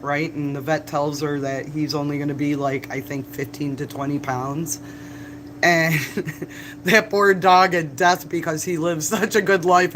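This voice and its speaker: A man chatting on a live stream from a bar, telling animated stories, laughing often and swearing freely. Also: a little high, a little hiss or hum, rough recording. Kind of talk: casual live-stream chat. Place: bar, indoors.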